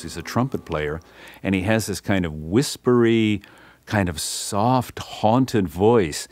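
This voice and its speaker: A middle-aged man telling his story as spoken word, animated, acting out dialogue with big jumps in pitch and saying "man" often. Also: no room sound.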